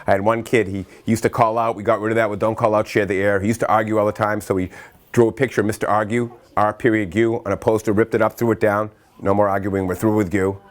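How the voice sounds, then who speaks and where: A middle-aged man from Massachusetts giving an energetic training talk to educators, telling stories in quick bursts with self-interruptions and acting out quotes. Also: lowish voice. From Massachusetts, USA. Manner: lively storyteller who acts out quotes and breaks into chanting. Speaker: workshop speaker for educators.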